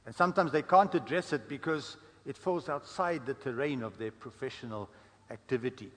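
A man's voice: medium pitch, brisk, fairly bright tone. Chatty male preacher in a reverberant hall. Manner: conversational storytelling, frequent fillers. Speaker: guest preacher. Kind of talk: sermon.

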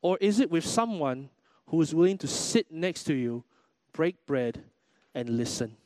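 A man preaching a sermon in a church, animated, acting out everyday quotes as he goes. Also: on the high side, unhurried, no echo. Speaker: pastor.

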